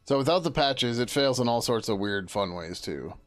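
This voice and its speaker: A man's voice: medium pitch, expressive, moderate pace, soft background music. A man thinking aloud as he works through code on a live stream, muttering to himself, trailing off and swearing casually. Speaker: software developer streaming his work.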